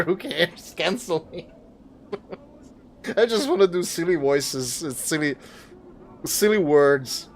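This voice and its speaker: A man hosting a gaming video, doing casual commentary, animated and joking at himself. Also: sits high, very slow, long pauses.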